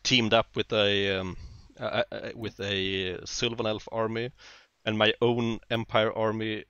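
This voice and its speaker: A man's voice: lowish voice, flat delivery, a little slow, a bit bright, clean tone, no room sound. A man with a Swedish accent, chatting casually with hesitant fillers and easy laughter. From Sweden. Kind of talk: casual chat. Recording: dull, lo-fi, dry sound.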